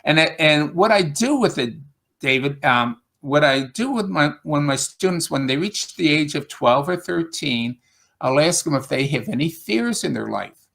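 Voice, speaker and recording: A man's voice: a little high, expressive, unhurried, gravelly, a bit bright. A man with an upstate New York accent talking casually on a video call, rambling with fillers and restarts as he describes teaching English. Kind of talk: casual conversation.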